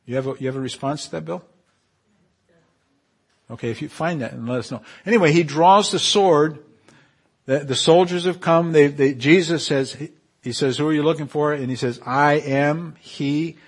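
A man preaching a sermon in an animated way, often repeating and restarting phrases and building to loud, emphatic peaks. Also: fairly high pitch, normal speed, pauses often, husky.

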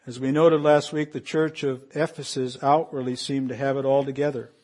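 A pastor preaching a sermon, reading scripture aloud and swinging between hushed lines and raised, emphatic passages. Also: male voice, mid-range voice, little pitch movement, moderate pace.

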